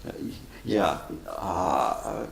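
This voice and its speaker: An older man, a Buddhist teacher, answering questions with unhurried, chuckling stories. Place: meditation center hall. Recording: echoey room, faint noise.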